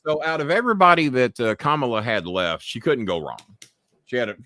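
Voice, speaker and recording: A man's voice: medium pitch, expressive, fairly quick, pushed and bright, dry recording, studio quality. A man hosting a live podcast stream in casual chat, talking bluntly and swearing freely as he rambles. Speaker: podcast host.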